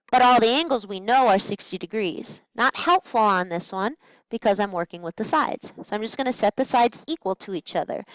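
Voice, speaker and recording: A woman's voice: fairly high pitch, no echo, rough recording. Playful woman math teacher, dry close sound. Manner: chatty, playful asides to herself. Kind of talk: recorded test-prep walkthrough. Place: classroom at a smart board.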